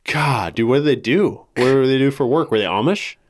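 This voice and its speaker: A man's voice: mid-range voice, expressive, a little fast, slight background noise. A young man co-hosting a podcast in casual chat, joking and swearing freely with frequent laughs. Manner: joking, profane, laughs often. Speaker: podcast co-host.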